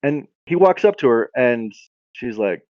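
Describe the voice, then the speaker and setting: A man's voice: medium pitch, expressive, a little slow, no room sound, dull audio. A man co-hosting a podcast, telling a comedic story in a rambling, casual way. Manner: rambling, lots of fillers and restarts. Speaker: podcast co-host.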